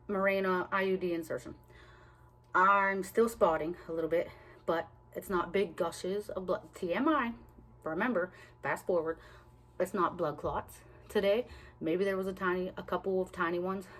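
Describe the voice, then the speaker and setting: A woman talking casually and candidly to her viewers in a rambling personal vlog, with lots of fillers and restarts. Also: mid-range voice. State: out of breath. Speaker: vlogger. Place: at work.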